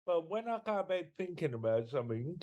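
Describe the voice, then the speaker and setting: An English man co-hosting a podcast, explaining his ideas in a laid-back, unhurried way. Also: a little high, sing-song, a little mellow. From Britain. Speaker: podcast co-host. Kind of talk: casual chat.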